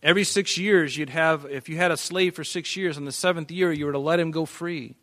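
In a dry recording, a man with a fairly high voice preaches a little fast. He's a pastor working through scripture verse by verse, hammering points home with repeated words and shifts in volume for stress.

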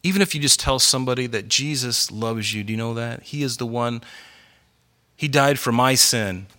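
A middle-aged pastor with a mid-range voice preaches at a normal speed, telling stories in an earnest, conversational way and becoming more animated as the sermon goes on.

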